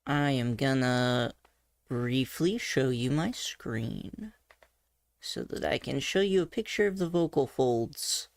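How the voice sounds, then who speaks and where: A woman teaches voice basics in a low, slow, easygoing way, chatty and given to side remarks and quick self-corrections. Her voice sits close and dry at the mic, with no room around it. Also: no echo. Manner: chatty, thinks aloud with asides and self-corrections. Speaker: voice coach. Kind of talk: casual explanatory teaching. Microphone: desk mic on a face-tracked avatar setup.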